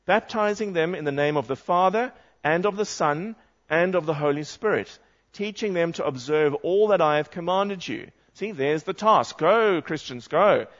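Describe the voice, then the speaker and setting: An earnest man delivers a sermon in a fairly high voice. He reads scripture passages aloud and asks his listeners direct questions. The recording sounds muffled and lo-fi. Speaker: preacher.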